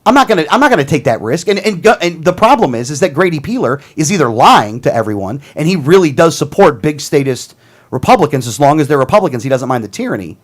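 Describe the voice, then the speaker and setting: A man hosting a talk show vents in a heated, combative rant, circling back to his points again and again. His voice sits somewhat high for a man and swings widely up and down as he argues. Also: sing-song, quick pace. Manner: heated, combative, repeats himself. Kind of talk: casual political rant.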